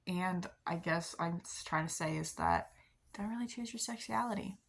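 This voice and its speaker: A young woman chatting casually to her camera, rambling with many fillers and soft laughs at herself. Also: lowish voice, normal speed, gravelly, slight background noise. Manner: rambling, many likes and ums, soft self-deprecating laughs. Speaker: vlogger. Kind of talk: casual confessional chat to camera.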